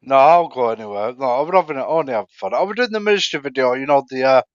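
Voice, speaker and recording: A man's voice: medium pitch, animated, quick pace, no echo, lo-fi sound. A man calling into a live chat stream, swearing and mocking another caller. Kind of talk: casual chat.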